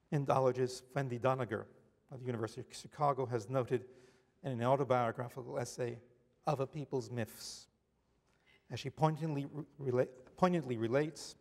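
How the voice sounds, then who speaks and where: A middle-aged man giving a formal academic lecture, reading measured prose from notes and now and then stumbling and correcting himself. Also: medium pitch, a little mellow. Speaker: university lecturer. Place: large lecture hall. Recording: lecture hall with long reverb.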